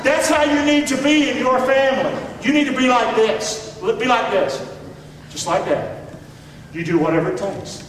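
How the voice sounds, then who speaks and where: A man's voice: extremely high pitch, normal speed, slight background noise. A man, a pastor from America, preaching an emphatic sermon and calling on his congregation to answer back. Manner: emphatic, calls for congregation response. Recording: echoey hall from far off.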